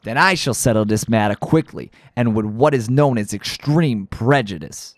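A man voicing a gruff, domineering mob boss in a video game playthrough, talking tough in a gangster manner. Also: mid-range voice, normal speed, dry recording, lightly acted. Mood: persuasive. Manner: tough-guy gangster talk, clipped threats. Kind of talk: let's play voice acting.

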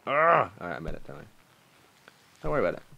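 A young man doing let's play commentary, excitable and swearing, shouting at the game. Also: medium pitch, very fast, vocal fry, muffled recording. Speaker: gaming commentator.

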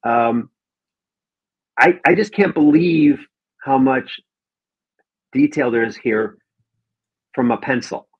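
Husky-voiced male guest, eager and rambling, heard over a muffled call line. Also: mid-range voice, slow, pauses often. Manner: enthusiastic, rambling, many ums. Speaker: guest collector. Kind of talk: casual chat about comic art.

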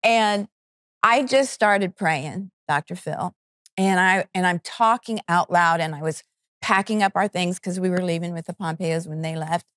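A woman's voice: fairly low pitch, a little slow, fairly bright tone, dry recording, clean studio sound. A middle-aged woman, a network co-founder, giving an earnest, fervent personal testimony that halts and restarts as she acts out her prayers. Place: television studio.

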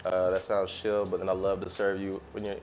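A man's voice: sits low, monotone, fairly quick, a little mellow. Laid-back slangy man streaming. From United States. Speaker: cooking streamer. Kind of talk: casual live-stream chat. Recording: faint music behind.

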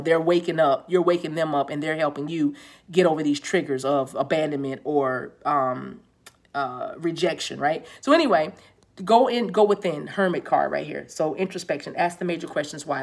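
A woman's voice: low voice, husky. A woman giving a casual tarot reading to her viewers, chatty and repeating herself, with laughs often. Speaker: tarot reader.

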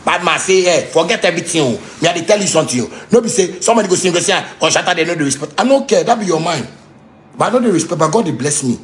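A man with a Ghanaian Pidgin English accent ranting angrily, heated and repetitive, sometimes shouting. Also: fairly high pitch, lively intonation, very fast. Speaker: musician ranting on a livestream. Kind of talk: angry unscripted rant.

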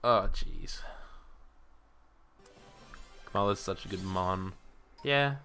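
A man streaming a game, talking casually to himself and viewers, swearing freely, laughing often and bursting into loud outrage. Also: low-pitched, slow pace, faint music behind. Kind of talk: casual gameplay commentary.

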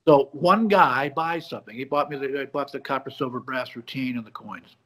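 A man's voice: medium pitch, a little fast. A man guest on a video call from his home office, telling a story and acting out the quoted dialogue in it. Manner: animated, acts out quoted dialogue. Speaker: guest, bar magician. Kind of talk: conversational storytelling.

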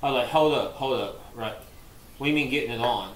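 A man's voice: medium pitch, fast. A man on a podcast telling a long, crude story in a rambling way, full of profanity and "like". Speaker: podcast co-host. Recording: echoey room with faint noise.

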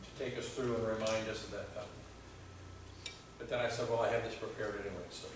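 A male pastor giving a conversational sermon, telling stories with halting restarts. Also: lowish voice, level tone, noisy background. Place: church sanctuary. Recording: very echoey church hall from far off.

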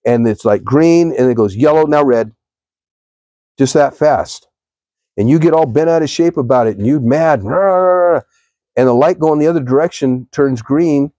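Brief: man, devotional live streamer, rambling storyteller, mellow voice, dry close sound. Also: mid-range voice, no room sound. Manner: rambling storytelling, addresses viewers.

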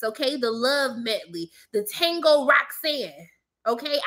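A young woman chatting casually to her viewers, blunt and sassy, ranting with animated emphasis. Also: high voice, a little slow. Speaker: movie commentator.

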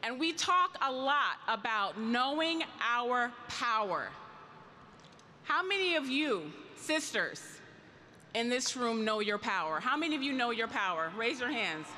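A woman's voice: a little high, sing-song, a little slow, pushed and bright, big-room sound, a little hiss or hum. A middle-aged woman and union leader giving a rousing convention speech, drawing the crowd in with call-and-response questions. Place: large convention hall.

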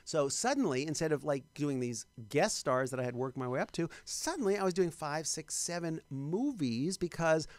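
A man's voice: fairly high pitch, normal speed, few pauses, dry recording. A man from New York, a guest actor animatedly telling show business stories and acting out other voices. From New York, Long Island. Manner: animated storyteller who acts out voices. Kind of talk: casual chat.

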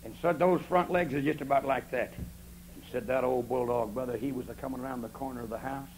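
A man preaching a camp meeting sermon, telling folksy stories and swinging from soft asides to shouting, on an old recording with a faint hum. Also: mid-range voice, brisk, poor audio. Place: camp meeting, outdoors or in a tabernacle.

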